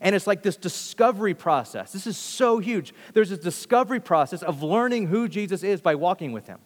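A man's voice: high-pitched, expressive, a little fast. A man preaching a sermon earnestly, often repeating phrases and restarting sentences. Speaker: pastor. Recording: long hall reverb.

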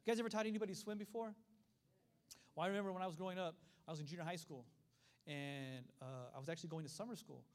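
A middle-aged man preaching a sermon, telling stories in an animated way and acting out the voices of the people in them. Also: fairly high pitch, fast. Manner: animated storytelling with acted voices.

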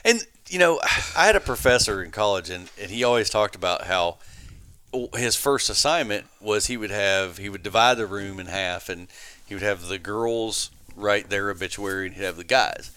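A man's voice: on the low side, normal speed, smooth. A man telling a long story on a casual podcast, acting out the people he quotes. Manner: animated, laughing storyteller who acts out quotes. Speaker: podcast guest.

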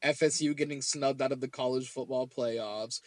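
A man's voice: mid-range voice, fairly even intonation, normal speed, no room sound. A man in casual podcast chat who jokes and rambles, filling his talk with "like" and repeated words. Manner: joking, rambling, heavy use of "like" and repeated words.

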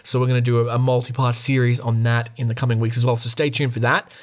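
A man's voice: medium pitch, level tone, fast talker. Chatty Australian man hosting a podcast. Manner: chatty, reads news aloud with asides. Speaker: podcast host. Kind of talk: casual podcast news reading.

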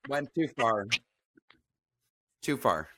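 A woman's voice: very deep voice, very animated, extremely slow, slightly rough, dry recording. A woman co-hosting a podcast in casual chat, reacting in short lines and laughing along. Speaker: podcast co-host.

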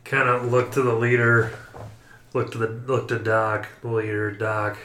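A man's voice: mid-range voice, level tone, moderate pace, fairly bright tone, echoey room, a little hiss or hum. A man playing a tabletop game, giving laid-back, brief replies. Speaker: player.

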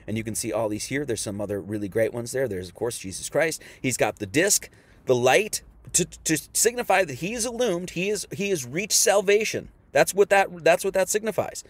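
Rambling preacher man, slightly high voice. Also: animated, a little fast, no room sound. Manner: rambling, repeats himself, reads scripture aloud. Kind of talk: online sermon lesson.

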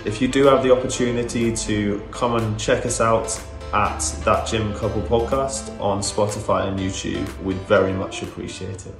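A man with a low, gravelly voice presenting a quick trivia bit. He sounds like he is in an echoey room, with faint music behind him. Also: flat delivery. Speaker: podcast guest.

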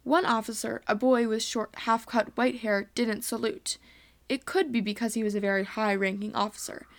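A woman's voice: on the high side, steady tone, normal speed. Woman reading a story aloud.

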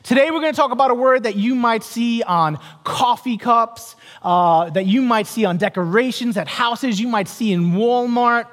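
A middle-aged male pastor with a strikingly high voice preaches in a church sanctuary, and his words ring out with a long reverb. He tells stories with quoted voices and wry, self-mocking humor. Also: normal speed, hardly any pauses, fairly bright tone. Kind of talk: sermon.

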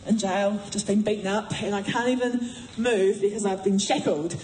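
A woman giving a sermon in a chatty, animated way, acting out voices as she retells a story. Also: medium pitch, moderate pace, a little hiss or hum. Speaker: preacher. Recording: echoey room.

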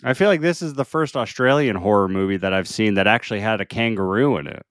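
A man's voice: fairly low pitch, fast, dry recording, studio quality. A young man co-hosting a podcast, chatting casually and laughing along. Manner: relaxed, laughs along, some fillers. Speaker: podcast co-host. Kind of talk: casual chat.

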